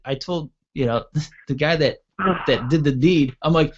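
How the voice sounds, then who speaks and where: A man with a somewhat high voice spins a long, casual anecdote as a show host, jumping into loud, animated impressions of the people in it. The sound is dull and lo-fi, like a cheap web radio stream. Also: unhurried. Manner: animated, acts out quoted voices loudly. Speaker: podcast host. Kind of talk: casual storytelling. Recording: dull lo-fi audio.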